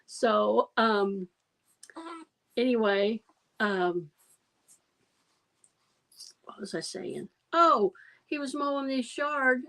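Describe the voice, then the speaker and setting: Give me a talkative woman hosting a relaxed livestream, with a fairly high voice. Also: drawn-out words, creaky, pauses often, poor audio. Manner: rambling storyteller, chatty, laughs often. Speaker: livestream host. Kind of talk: casual chat.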